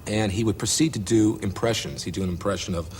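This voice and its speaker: A man reminiscing in an interview, describing events in a measured way. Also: on the low side, a little hiss or hum.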